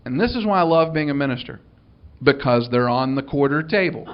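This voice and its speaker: A man's voice: mid-range voice, animated, a little fast, muffled recording, slight background noise. A man, a minister telling a funny story to an audience in a dry, wry way, acting out the dialogue.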